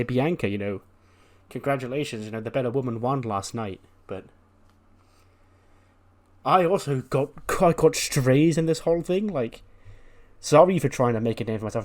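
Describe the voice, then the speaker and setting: A snarky young female wrestler, put on by a man, sarcastic and full of "like"s. She sounds resentful, in a mid-pitched voice. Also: a little mellow, lightly acted. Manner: sarcastic, filler-heavy.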